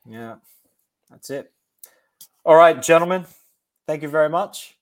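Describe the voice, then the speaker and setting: A man's voice: a little high, a little slow. Easygoing male podcast host. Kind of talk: casual podcast chat, wrapping up the show.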